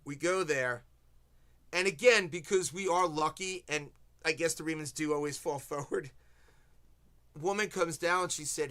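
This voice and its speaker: Bright-voiced man telling a story. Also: a little high, unhurried. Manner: animated storyteller, quoting people. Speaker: host. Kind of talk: casual chat.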